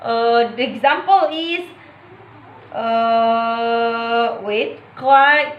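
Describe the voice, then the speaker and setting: Slow, high-voiced young Indonesian woman. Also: animated, a bit bright. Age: young adult. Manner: hesitant, many fillers and self-corrections. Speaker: English student presenting a lesson. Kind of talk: casual classroom explanation. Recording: echoey room.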